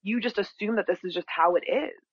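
A woman speaking as a guest in an interview, expressive and lively, slipping into voices as she quotes others. Her voice comes through a slightly dull, lo-fi recording. The sound is dry and close, with no room echo. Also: mid-range voice, brisk, breathy edge. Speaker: spiritual teacher, podcast guest. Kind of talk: conversational interview.

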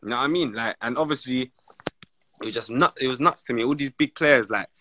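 A man's voice: mid-range voice, fast talker, slight background noise. A man with a London accent telling football stories in casual, slang-heavy, rambling chat as an interview guest. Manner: slang-heavy, rambling and animated, many restarts.

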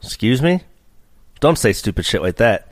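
A male podcast host who rambles, swears freely and keeps trailing off into fillers as he banters. His voice sits at an ordinary middle pitch. It is recorded close and dry, with almost no room sound. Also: very animated, moderate pace, no room sound. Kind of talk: casual bickering podcast chat.

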